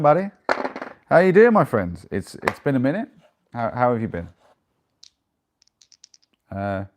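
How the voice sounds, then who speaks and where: A man's voice: mid-range voice, big pitch swings, a little slow, pauses often. A man chatting casually on a live stream and answering viewer messages as they come in. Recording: noisy with clicks.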